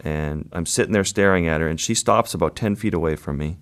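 A man, a guest photographer, recounting an encounter in a vivid, measured way during an interview. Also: low voice. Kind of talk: storytelling interview.

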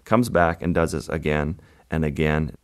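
Deep-voiced man telling a vivid story. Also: normal speed, smooth. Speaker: wildlife photographer guest. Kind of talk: interview storytelling.

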